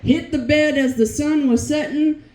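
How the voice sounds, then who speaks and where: Brash high-voiced woman doing stand-up. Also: fairly even intonation, normal speed, a little hiss or hum. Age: 40s. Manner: brash, bawdy, loud bursts of shouting and laughing. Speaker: stand-up comedian. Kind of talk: stand-up comedy set. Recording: roomy echo.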